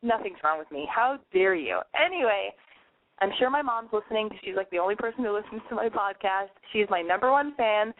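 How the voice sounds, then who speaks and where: Fast-talking excitable woman podcast host. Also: medium pitch, no echo. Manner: fast, blunt, excitable, swears freely. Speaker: call-in advice podcast host. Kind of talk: casual call-in advice. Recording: phone-like narrow sound, dry.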